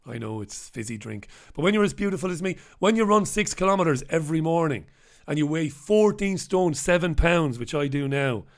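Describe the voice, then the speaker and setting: A man's voice: fairly high pitch, lively intonation, a little fast. A middle-aged man, hosting a casual live-stream and chatting, joking and reading out viewers' names. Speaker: host.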